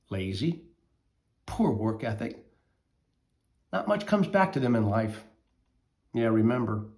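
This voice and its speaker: Earnest man telling a fable. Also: lowish voice. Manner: earnest, emphatic, with dramatic pauses. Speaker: motivational speaker for parents. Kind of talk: storytelling and parenting advice.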